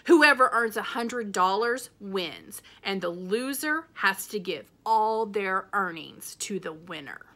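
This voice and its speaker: Woman reading smug little sister, bright sharp voice, defiant. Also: mid-range voice, lively intonation, takes it slowly, hardly any pauses, full character voice. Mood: scheming. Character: small, plucky little sister, smart and stubborn.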